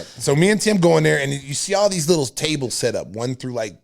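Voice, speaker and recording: Podcast host, man in his fifties: lively, laughing storyteller with a gravelly edge and a slightly high voice. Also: brisk, hardly any pauses. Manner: animated storyteller, laughing, acting out quotes. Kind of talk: casual storytelling chat.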